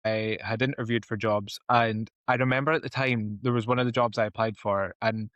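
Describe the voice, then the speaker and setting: A man, a podcast guest chatting in a relaxed, reflective way. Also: fairly low pitch, fairly quick, dry recording, dull audio. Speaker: podcast guest, freelance graphic designer. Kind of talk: casual chat.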